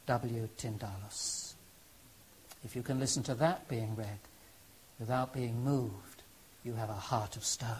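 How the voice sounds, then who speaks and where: A man's voice: mid-range voice, husky, low-quality recording. A man giving a historical lecture, telling the story earnestly and with emphasis. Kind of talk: historical lecture with dramatic readings.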